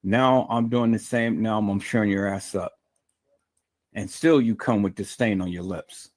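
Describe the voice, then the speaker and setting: A man's voice: fairly low pitch, moderate pace, a little mellow. A man hosting his own livestream, delivering an angry, profane, combative rant full of stammering restarts. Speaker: livestream host. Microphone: streaming mic.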